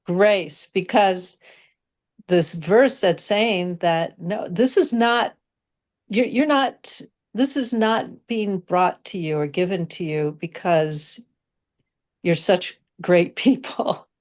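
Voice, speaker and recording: Woman, study group member, slow, halting, lowish voice, on a video call. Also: darkish tone. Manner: halting, restarts words mid-thought. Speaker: study participant. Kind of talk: class discussion.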